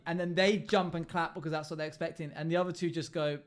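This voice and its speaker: A man's voice: a little high, fairly even intonation, fairly quick, hardly any pauses, smooth. A young man livestreaming casually, chatting with viewers, laughing often and humming to himself. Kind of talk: casual chat with live chat while gaming.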